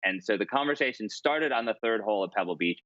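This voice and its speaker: A man's voice: fairly low pitch, animated, fast, fairly bright tone, dry recording, muffled recording. A man in his forties, a columnist telling stories as a podcast guest, chatty and self-deprecating with frequent restarts. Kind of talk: casual storytelling interview.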